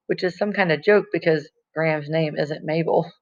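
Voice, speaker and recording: A woman's voice: low voice, moderate pace, a little mellow. Woman reading a novel aloud. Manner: casual, conversational narration. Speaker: audiobook reader. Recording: dull lo-fi recording.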